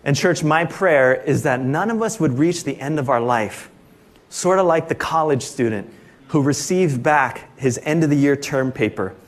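A male pastor preaching a sermon in an emphatic style, often calling out "Amen?" to his congregation. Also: medium pitch. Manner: emphatic, repeatedly asks "Amen?". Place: church service.

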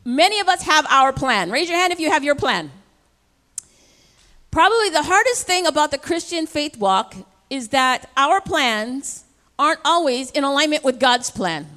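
A woman pastor preaches with a high, lively voice. She talks straight to her congregation and stays emphatic throughout. Her words carry a long hall reverb from a large church. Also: normal speed. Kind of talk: sermon.

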